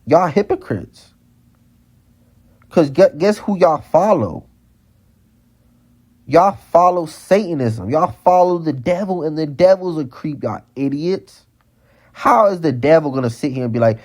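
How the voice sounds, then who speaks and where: A vlogger rants heatedly in a monologue, repeating lines over and over and stumbling into stammering restarts. His voice is on the high side, expressive, a little slow, and darkish in tone.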